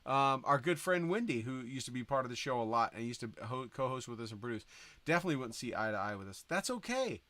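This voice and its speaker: A man's voice: medium pitch, big pitch swings, quick pace, pushed and bright, no room sound. A man co-hosting a podcast in casual chat, emphatic and opinionated. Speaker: podcast co-host.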